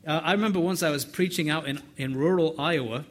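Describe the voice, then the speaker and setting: A man's voice: fairly high pitch, fast talker. A middle-aged man preaching a sermon in an earnest, conversational way, often repeating words as he builds up.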